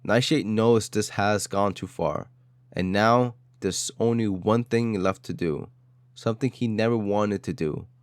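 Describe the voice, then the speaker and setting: Low-voiced man narrating a dramatic story. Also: measured pace, clear, resonant tone, dry recording. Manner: dramatic, clipped phrases.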